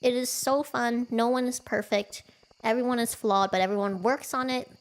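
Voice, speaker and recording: A woman's voice: on the high side, fairly even intonation, normal speed. A woman streaming a cozy farming game from home, chatting casually with her viewers, giggling often and poking fun at herself. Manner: chatty, giggly, self-deprecating.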